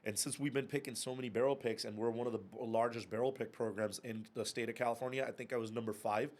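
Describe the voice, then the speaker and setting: An animated man in his thirties spins anecdotes as a podcast guest. He swears freely and laughs through his own story, speaking in a casual, unpolished way. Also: mid-range voice, fast. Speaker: podcast guest, whiskey club and bar owner.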